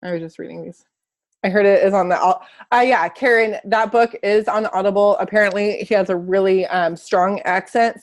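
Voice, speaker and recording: A woman coaching an online group in a casual motivational talk, earnest and encouraging, repeating phrases for emphasis, then chatting loosely with fillers over a video call. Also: medium pitch. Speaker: fitness and life coach.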